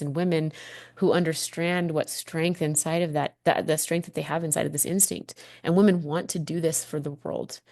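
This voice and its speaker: A woman's voice: deep voice, a little mellow, dry recording, clean studio sound. A woman in her thirties hosting a personal podcast monologue, candid and heartfelt, swearing freely as she reflects. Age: 30s. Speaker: podcast host.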